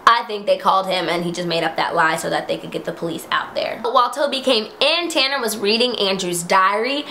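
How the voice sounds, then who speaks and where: A young woman recapping a TV episode in casual chat, acting out quotes in high voices. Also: fairly bright tone, slight background noise.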